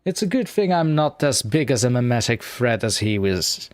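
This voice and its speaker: A male streamer chats loosely with his viewers, mocking himself as he fumbles through his software and talks things through aloud. His voice sits in a middling range, and the recording is close and dry with no room sound. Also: mid-range voice, sing-song, normal speed, clear, resonant tone, no echo. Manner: rambling, self-mocking, talks to himself while fiddling with software. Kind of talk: casual live-stream chat.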